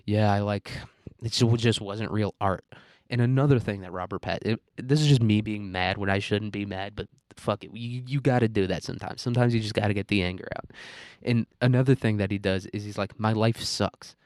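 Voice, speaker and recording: A man's voice: lowish voice, a little fast, darkish tone, dry recording, clean studio sound. Profane, ranting young American man. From United States. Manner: profane, ranting, rambling with frequent fillers. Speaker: podcast host. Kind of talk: solo podcast rant.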